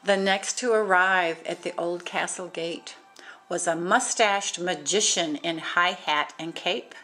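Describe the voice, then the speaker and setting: A woman reading a rhyming picture book aloud in a sing-song, animated way, adding exclaimed asides between verses. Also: lowish voice, slow, faint music behind. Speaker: storybook reader.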